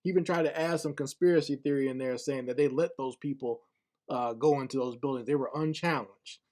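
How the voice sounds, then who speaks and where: A man's voice: mid-range voice, a little fast, darkish tone. A man giving casual spoken commentary online, blunt and scornful, often repeating words as he gathers his thoughts.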